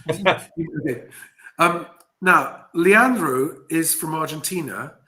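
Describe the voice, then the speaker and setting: A man's voice: on the high side, extremely slow, bright, forceful tone. A man hosting a casual chat, reading out viewer comments and laughing often. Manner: chatty, laughs often, reads comments aloud. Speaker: host.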